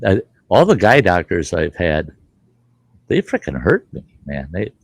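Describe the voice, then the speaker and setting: A man's voice: low voice, huge pitch swings, measured pace, creaky, slightly rough, dry recording. A middle-aged man hosting a show, telling rambling stories with plenty of cursing and laughter. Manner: rambling, profane, laughs mid-story. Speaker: podcast host. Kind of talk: casual storytelling chat.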